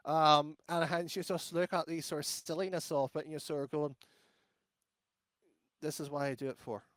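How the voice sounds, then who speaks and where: A man's voice: on the high side, fairly even intonation, moderate pace, a bit bright, no echo. A man with an Irish accent, an esports caster chatting bluntly in an interview, rambling with many fillers and restarts. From Ireland. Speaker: esports caster, podcast guest. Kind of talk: casual interview chat.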